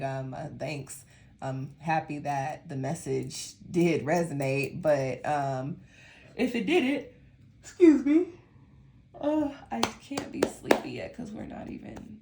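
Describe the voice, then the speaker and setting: Low-pitched tired woman with a Colorado accent, casual tarot reader, slight lisp, faint background noise. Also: creaky. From Denver, Colorado. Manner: rambling, chatty, laughs often. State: sleepy. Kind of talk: casual monthly tarot reading.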